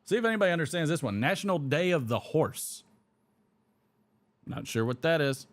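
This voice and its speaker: A man's voice: on the high side, animated, moderate pace. A man hosting a live pipe-smoking stream, chatting casually, rambling and reading comments aloud while he smokes. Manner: rambling, reads chat comments aloud and chuckles.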